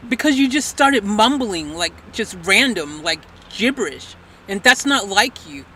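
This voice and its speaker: A man's voice: high voice, animated, measured pace, sharp tone, slight background noise. A man hosting a livestream, chatting casually and teasing a voice chatbot in a rambling, playful way. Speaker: livestream host.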